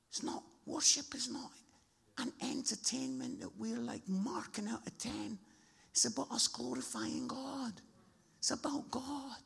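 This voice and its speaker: A man preaching a sermon, telling stories with animated impressions of the people in them. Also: measured pace, creaky, husky. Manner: animated storytelling, mimics people in high voices.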